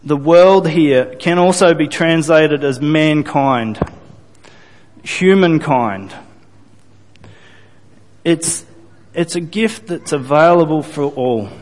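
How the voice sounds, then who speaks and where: A man preaching a sermon to his congregation, earnest and deliberate, repeating phrases and restarting sentences as he builds his point. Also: fairly high pitch, darkish tone, long reverb tail. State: briefly choked up. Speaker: pastor.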